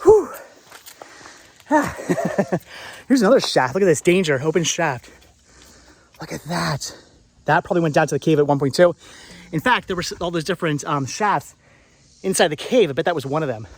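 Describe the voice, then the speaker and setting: Low-voiced rambling woman vlogger. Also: quick pace, breathy edge. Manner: rambling, enthusiastic, repeats words. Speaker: travel vlogger. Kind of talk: casual walking vlog narration.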